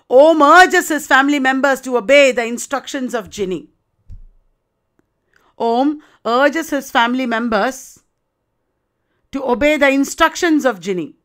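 A woman's voice: high-pitched, fairly bright tone. A woman literature lecturer explaining a play, addressing students with rhetorical questions.

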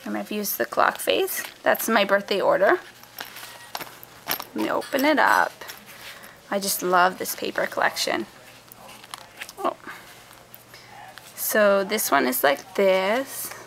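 A young woman vlogger showing her handmade scrapbook albums in a soft, chatty way, often trailing off and starting over. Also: medium pitch, sing-song, slow pace, vocal fry, pauses often, poor audio. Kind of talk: casual show-and-tell. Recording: faint background noise.

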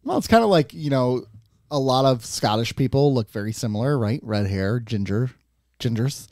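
Lively, jokey male podcast co-host. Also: medium pitch, normal speed, no echo, clean studio sound. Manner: jokey, animated, puts on bad accents. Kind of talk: casual chat.

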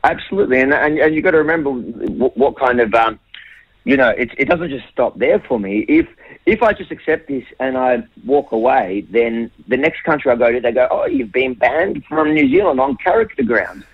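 A man's voice: mid-range voice, expressive, brisk, no echo, highs cut off. A man answering tough questions as a radio guest, emphatic and repeating words when pressed. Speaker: interview guest. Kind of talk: defensive radio interview answers.

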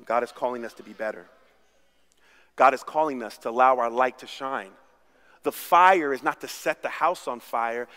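Pastor guy preaching, animated, goes quiet then shouts, bright sharp voice. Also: mid-range voice. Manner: animated storytelling, swings from hushed to shouting. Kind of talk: sermon. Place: church sanctuary. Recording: long reverb of a church hall.

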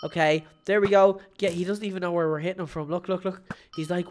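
A woman hosting her gaming channel, giving live gameplay commentary in an excitable, playful way, shouting at big moments. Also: mid-range voice, a little fast, slight background noise.

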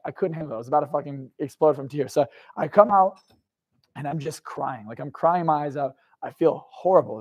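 A young man with a slightly high-pitched voice gives a live motivational talk. He tells a raw personal story with intensity and swears freely. He keeps turning to the audience with questions. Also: darkish tone. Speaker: motivational speaker.

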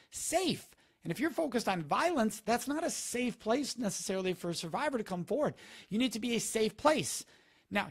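Man with a high voice, emphatic and instructive, live-stream advice talk, repeats key points. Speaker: speaker on preventing sexual assault, talking to a live audience.

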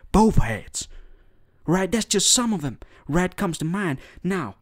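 Lively rambling man roasting clips. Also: high voice, normal speed, no echo, studio quality. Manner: rambling mock-preachy roast, full of "all right?" and "boy". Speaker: host roasting online clips. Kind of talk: comedic reaction commentary.

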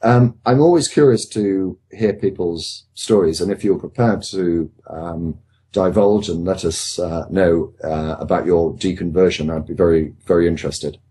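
A male host of a panel show who asks questions in a measured, inquisitive way, stammering a little as he starts. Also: low-pitched, dark tone, slightly rough. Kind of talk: casual panel chat.

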